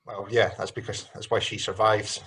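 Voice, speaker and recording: Husky-voiced man hosting a film podcast. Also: lowish voice, flat delivery, normal speed, fairly bright tone. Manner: rambling, frequent ums and restarts. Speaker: podcast host. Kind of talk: casual film review chat.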